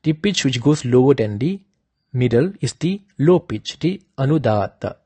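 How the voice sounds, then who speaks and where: A man teaching the pitch accents of a devotional chant, explaining slowly and patiently and chanting drawn-out higher examples. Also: lively intonation, mellow, slightly rough, no echo.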